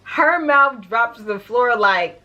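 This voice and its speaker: Bright-voiced young woman telling a story. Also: a little high, takes it slowly, highs cut off. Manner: animated, chatty storytelling, addressing viewers. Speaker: vlogger. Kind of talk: story time vlog.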